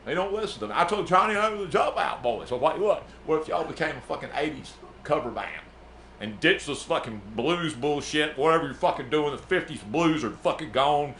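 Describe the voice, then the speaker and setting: A man's voice: on the high side, lively intonation, a little fast, a bit bright, slight background noise. A man playing a brash, profane music manager, rambling and boasting in an improvised comedy bit. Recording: echoey room.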